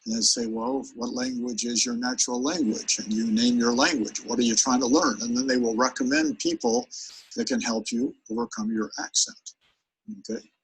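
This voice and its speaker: A man's voice: mid-range voice, animated, moderate pace, vocal fry, a little hiss or hum, low-quality recording. A man giving a live seminar on presentation skills, talking energetically and straight to his audience. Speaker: sales presentation trainer.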